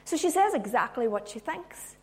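Animated woman preaching a sermon. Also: a little high, normal speed. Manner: animated, swinging from loud emphasis to hushed tones; humorous asides.

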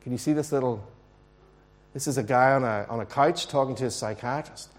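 A man preaching a sermon in a church, earnest and emphatic, slowing down to stress key words. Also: mid-range voice, lively intonation. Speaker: pastor.

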